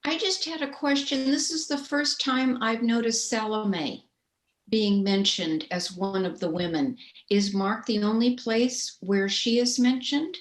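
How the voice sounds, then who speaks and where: A woman's voice: a little high, a little slow. Group member, female, inquisitive, echoey room sound. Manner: curious, questioning. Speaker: study group participant. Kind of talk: casual group discussion. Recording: roomy echo.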